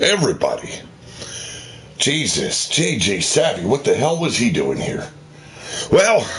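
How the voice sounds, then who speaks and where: A man's voice: medium pitch, a bit bright. A man hosting a wrestling video game show, in a theatrical ring-announcer delivery with swearing asides. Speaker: host of a wrestling game channel.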